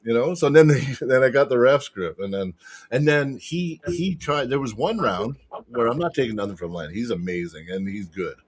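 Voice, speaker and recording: A man telling a match story as a podcast guest, excitable and swearing constantly. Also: medium pitch, normal speed. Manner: excitable, profanity-heavy retelling. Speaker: podcast guest, arm wrestler. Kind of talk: casual storytelling chat.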